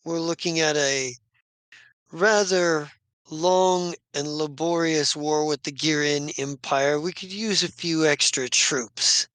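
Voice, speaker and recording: A game master speaks as a formal, aristocratic count. His delivery is slow and measured in a clear, smooth voice, recorded dry. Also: fairly high pitch, steady tone, fairly bright tone, no echo. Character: formal aristocratic male count, shipbuilding magnate.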